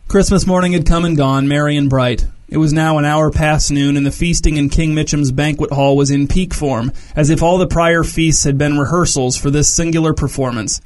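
A man reading a story aloud as narrator, measured and descriptive. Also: on the high side, fairly even intonation.

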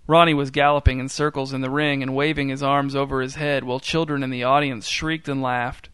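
Male narrator, mid pitch, dry deadpan delivery, clean dry studio read. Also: brisk, hardly any pauses, clean tone, no room sound. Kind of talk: scripted story narration.

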